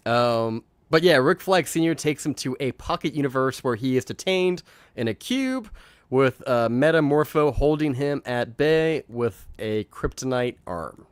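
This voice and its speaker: A man hosting a live movie review stream, talking in a loose, rambling way with plenty of swearing. His voice sits at an ordinary middle pitch. He sounds close to the mic in a dry, dead room. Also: animated, measured pace, smooth, no echo. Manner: rambling, profane, acts out lines from scenes. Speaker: host. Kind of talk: casual movie review chat. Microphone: remote streaming mic.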